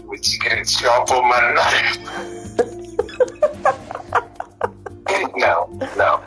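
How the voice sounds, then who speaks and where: A man's voice: medium pitch, fairly even intonation, very slow, sharp tone, faint music behind, low-quality recording. A man in casual chat, arguing back and bickering with his partner. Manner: bickering, argumentative. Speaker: co-host partner.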